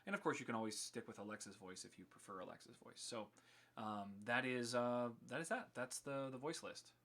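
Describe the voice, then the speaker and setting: A man's voice: medium pitch, brisk, fairly bright tone. A man casually explaining his code on a live stream, chatty with many ums and restarts.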